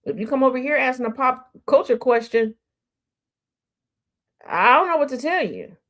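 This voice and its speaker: A woman's voice: high voice, lively intonation, normal speed, a bit bright. A woman hosting an internet radio show, chatting casually with her audience, teasing them and laughing often. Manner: talks straight to the audience. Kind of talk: casual livestream chat.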